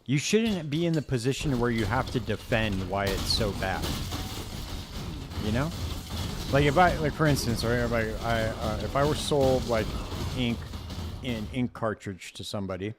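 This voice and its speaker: Man, game streamer, casual rambling chat, average pitch, steady background noise. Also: normal speed. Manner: rambling, says "dude" constantly.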